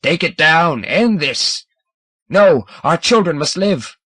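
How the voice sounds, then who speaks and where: A man's voice: a little high, expressive, slow, a bit bright, dry recording, pitched above the performer's own voice, heavily acted. A man bellowing as a furious alien elder. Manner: bellowing, desperate. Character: furious alien elder father, fiercely defiant.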